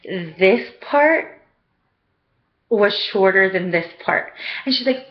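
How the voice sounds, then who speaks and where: A woman's voice: mid-range voice, animated, slow, lo-fi sound. Chatty young woman telling a story. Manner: chatty, rambling, lots of "like" and "um". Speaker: vlogger. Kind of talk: casual storytime vlog.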